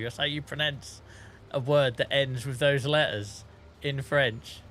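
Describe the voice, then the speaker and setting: A man's voice: mid-range voice, slow pace, fairly bright tone, a little hiss or hum. A man with a Norfolk accent chatting casually with his live-stream chat while playing, laughing often and reading out messages. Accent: Norfolk English. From England. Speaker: game streamer.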